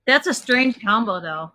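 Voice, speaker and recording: A woman from Seattle chatting casually on a live stream, quick to laugh and chiming in with short reactions. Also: on the high side, pushed and bright, poor audio. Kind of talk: casual chat.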